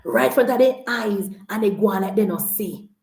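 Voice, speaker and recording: A Jamaican woman giving a lively, scolding political rant, mocking the people she addresses. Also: mid-range voice, normal speed, creaky, echoey room. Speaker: political commentator.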